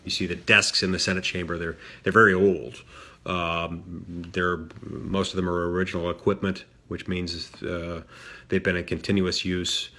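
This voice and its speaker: Low-voiced man telling a dry story. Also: flat delivery, moderate pace, bright, forceful tone, a little hiss or hum. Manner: dry self-deprecating humor with frequent fillers. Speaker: senator. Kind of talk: storytelling talk.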